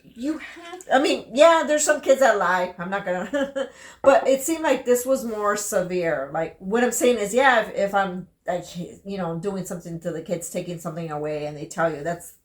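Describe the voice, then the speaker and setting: A woman's voice: medium pitch, animated, normal speed. A woman co-hosting a casual book discussion, speaking frankly and emphatically as a mother and often talking over her co-host. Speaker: podcast co-host. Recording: roomy echo.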